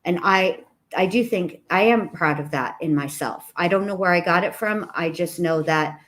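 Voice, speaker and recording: A woman's voice: fairly low pitch, normal speed, a bit bright. A woman who hosts a YouTube channel, talking in a reflective, rambling way with frequent restarts. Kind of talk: casual conversation.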